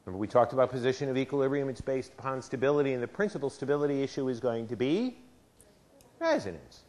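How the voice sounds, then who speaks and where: A man's voice: medium pitch, expressive, fast talker, a little mellow. A man who is a university chemistry professor, giving a lecture and asking his class questions in a conversational way. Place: lecture hall.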